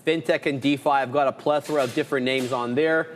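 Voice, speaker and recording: A man's voice: mid-range voice, quick pace, in a large hall, a little hiss or hum. A man co-hosting a live trading show, casually rambling through his watch list. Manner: relaxed, rambling, lists stock names.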